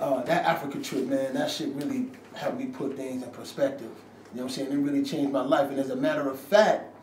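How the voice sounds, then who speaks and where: A man with a mid-range, somewhat dark voice tells a story in casual slang, acting out quotes and swearing as he goes. He's a rapper speaking after an interview, filmed on a handheld camera in a room. The audio is echoey and distant, with faint background noise.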